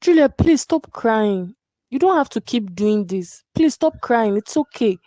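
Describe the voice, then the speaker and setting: A woman's voice: fairly high pitch, expressive, unhurried, dark tone, faint music behind. A woman voicing a caring, loyal young friend in a cartoon, comforting and soothing. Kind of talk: cartoon voice acting.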